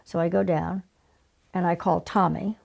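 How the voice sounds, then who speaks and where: An older woman telling stories as an interview guest, animated and conversational. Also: fairly low pitch, a little slow, creaky. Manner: animated, conversational, acts out remembered exchanges. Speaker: guest, former casting director. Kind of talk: storytelling in conversation.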